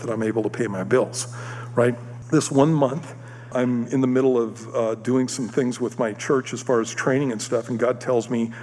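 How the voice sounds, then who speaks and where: A man giving a sermon, telling a personal story in an animated way and acting out the voices of the other people in it. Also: mid-range voice, slight background noise. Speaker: preacher. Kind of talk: sermon testimony. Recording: long hall reverb.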